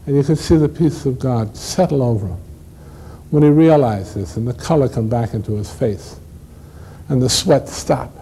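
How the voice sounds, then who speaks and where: Rich: A man performs a first-person stage story in a mellow, dark voice. He builds drama with pauses and shifts in pace. There is faint room ambience behind him. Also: medium pitch, slight background noise, poor audio.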